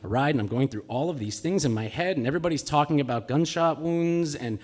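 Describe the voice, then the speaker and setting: A man's voice: fairly high pitch, fast, darkish tone. A man telling a personal story live on stage, with a comic, self-mocking delivery. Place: live stage in a cultural center.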